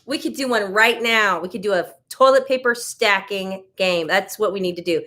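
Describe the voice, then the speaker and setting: An American woman hosts a casual live stream, chatting loosely and responding to viewer comments as they come in. Her voice has a medium pitch and a sharp tone, and she speaks at a normal speed.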